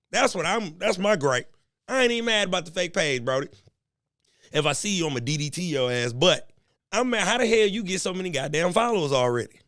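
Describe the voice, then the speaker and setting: A young Midwestern man hosts a solo podcast, loose, joking and profane, talking straight to his listeners. His voice is on the high side and a bit bright, a little stuffy from a slight cold, and recorded close and dry with no echo.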